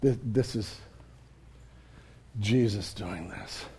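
A man's voice: lowish voice, very slow, creaky, mellow, breathy edge. A man preaching a sermon in a church in a casual, conversational way, retelling a story vividly. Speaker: pastor.

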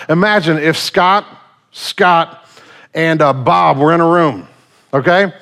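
A male pastor preaching a sermon in a casual, animated storytelling manner. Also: fairly high pitch, slow.

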